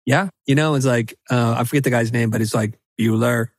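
A middle-aged man talking as a podcast guest in an animated, emphatic way, often breaking into quick quoted asides. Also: medium pitch, no echo. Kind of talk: animated conversational podcast talk.

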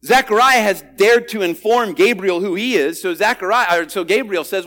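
A male pastor preaching a sermon expressively, swinging between loud emphasis and quiet asides. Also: sits high, moderate pace, few pauses.

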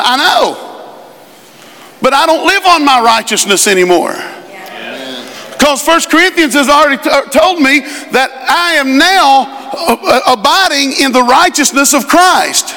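A middle-aged male pastor preaching a sermon in a church, animated and shouting at times. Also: extremely high pitch, moderate pace. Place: church sanctuary. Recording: live church recording with hall reverb.

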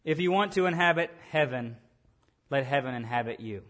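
A man's voice: mid-range voice, animated, brisk, a bit bright. A man preaching a sermon, earnest and repeating key phrases for emphasis. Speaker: pastor.

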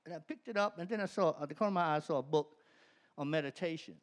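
A man telling his personal testimony to an audience, animated and often laughing mid-sentence as the story builds. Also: on the high side, racing. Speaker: speaker giving a personal testimony.

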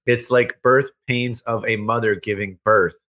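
A man co-hosting a casual Christian show with a bright, forceful tone. He talks in a loose, rambling way, circling back and restarting his thoughts. His pitch sits in the middle for a man. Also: fairly even intonation, unhurried. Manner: rambling, with many restarts and fillers. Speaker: co-host of a Christian end-times show. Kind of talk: casual faith chat.

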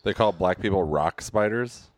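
A male podcast host in casual chat who jokes around and fires off quick questions. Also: sits low, no room sound, clean studio sound. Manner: joking, asks quick questions.

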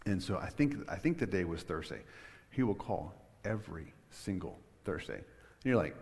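A man's voice: low-pitched, big pitch swings, normal speed, a little mellow. A middle-aged man preaching a sermon in a loose, conversational way, telling a personal story with plenty of fillers and restarts. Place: church sanctuary. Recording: long hall reverb. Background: long reverb of a large church.

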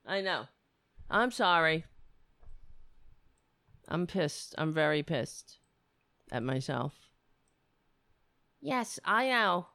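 Speaking extremely slowly with many pauses, this woman hosts a livestream and delivers an angry, profane rant full of self-mockery. Her voice is lowish, expressive, bright and forceful, with no room sound.

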